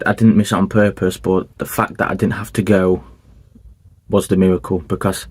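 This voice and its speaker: A young man with a deep voice and an even, level delivery, talking casually as a podcast host. He rambles earnestly, restarting sentences and filling pauses as he tells his story. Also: husky.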